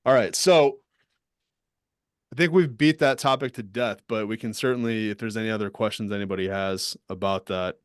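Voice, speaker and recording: Smooth low-voiced male host on a call. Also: moderate pace, no echo, studio quality. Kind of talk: casual video call discussion.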